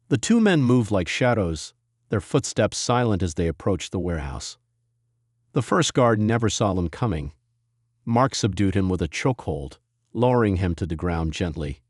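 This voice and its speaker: Deep-voiced man narrating a story. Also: expressive, normal speed, no room sound, clean studio sound.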